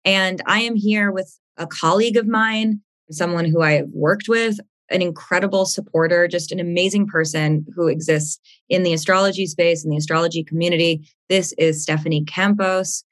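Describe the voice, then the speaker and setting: A woman's voice: lowish voice, fairly even intonation, normal speed, a bit bright. A young woman hosting an astrology podcast, gushing and rambling in casual chat, laughing often.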